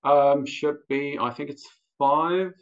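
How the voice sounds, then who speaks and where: A man's voice: on the high side, fairly even intonation, slow, smooth. Hesitant man explaining a device. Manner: hesitant, many fillers and restarts. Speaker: product expert. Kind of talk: technical explanation. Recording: dull lo-fi sound.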